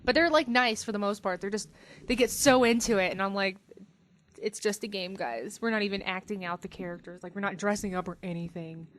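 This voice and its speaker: A woman's voice: medium pitch, brisk, a bit bright. A woman guesting on a podcast, chatting casually in a wry way. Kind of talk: casual chat.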